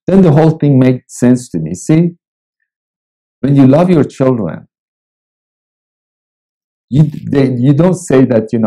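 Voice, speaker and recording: A male pastor reading and preaching a devotional in a slow, deliberate way with long pauses. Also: medium pitch, big pitch swings, warm tone, rough recording. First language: Persian.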